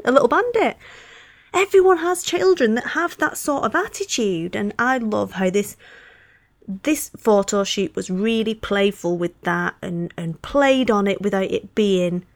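A woman's voice: fairly high pitch, dry recording. Woman in her 30s hosting a podcast, chatty and fired up, laughs a lot, dry close mic. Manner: impassioned and chatty, laughs often. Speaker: podcast host reviewing knitting patterns. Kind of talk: casual solo podcast chat.

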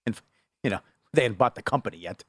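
Animated middle-aged sports radio co-host. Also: male voice, lowish voice, quick pace, dry recording. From Superior, Wisconsin. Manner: animated, storytelling, jumps between topics. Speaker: sports betting show co-host. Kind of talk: casual sports radio banter.

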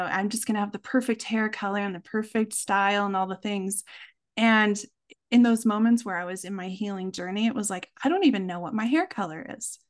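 A woman, a mother, telling a personal story in a conversation, earnest and reflective, slowing down for emphasis. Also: medium pitch. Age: adult with children. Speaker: podcast guest.

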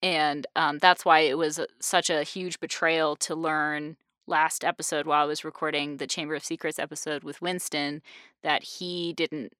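A young woman hosts a relaxed podcast chat, her voice sitting a little low for a woman. She talks in a lively way, with frequent laughs and quick asides. The sound is close and dry. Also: clean tone, no room sound. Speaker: podcast host. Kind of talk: casual group chat.

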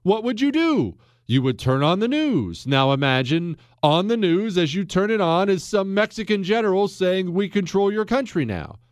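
A man's voice: sits high, expressive, moderate pace, hardly any pauses, dry recording. A man hosting a podcast, telling history in a casual, jokey way and acting out quotes in silly voices. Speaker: podcast host.

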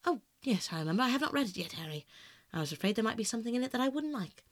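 A man's voice: extremely high pitch, sing-song, very fast, a bit bright, no echo, heavily acted. A man reading aloud, voicing a passionate, self-absorbed young male aristocrat with earnest, pleading outbursts, in a dry, close sound. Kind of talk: audiobook narration.

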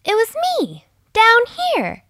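A woman voicing a small goldfish in a storybook, speaking high and chirpy. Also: wildly swooping pitch, slow, a bit bright, no room sound, clean studio sound, full character voice. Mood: cheeky. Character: little goldfish in a pond.

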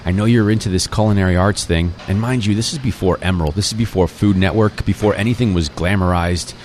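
A man in his forties with a strikingly low, deep voice talks through his story as a restaurant owner. He is relaxed and reflective, full of fillers and restarts. A faint noise sits behind him. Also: fast. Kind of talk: casual interview conversation.

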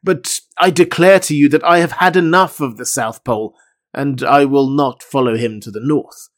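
A man's voice: mid-range voice, normal speed, lightly acted. A man reading aloud voices a homesick, impatient harpooner who talks bluntly and fretfully.

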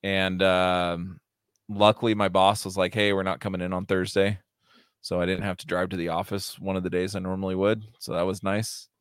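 American dude on a podcast, kinda low voice, cusses a ton, laughs a lot, super dry mic. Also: male voice, level tone, normal speed, smooth, no echo. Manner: swears a lot, laughs often; calls everyone dude. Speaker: podcast co-host. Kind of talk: casual chat.

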